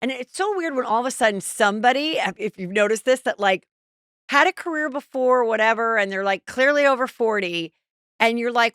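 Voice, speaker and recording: A middle-aged woman hosting a podcast, telling stories in a chatty, animated casual chat. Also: fairly high pitch, fairly quick, dry recording, clean studio sound. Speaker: podcast host.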